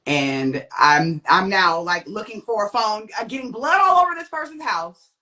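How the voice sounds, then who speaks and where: A young adult woman tells her personal testimony as a guest, speaking expressively at a moderate pace with a sharp tone. Her storytelling is vivid, and she acts out quoted voices with big pitch jumps.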